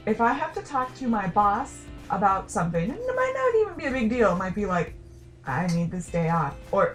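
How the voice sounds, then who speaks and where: A young adult woman chatting casually to camera, rambling and self-deprecating with quick asides. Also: medium pitch. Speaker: vlogger. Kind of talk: casual talking-to-camera chat.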